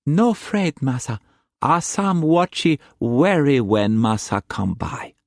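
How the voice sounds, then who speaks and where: A man's voice: medium pitch, expressive, slow, gravelly, no echo, clean studio sound, voice pushed up. A man voicing a timid, loyal female servant with clipped, pidgin-like speech in an audiobook. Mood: soothing.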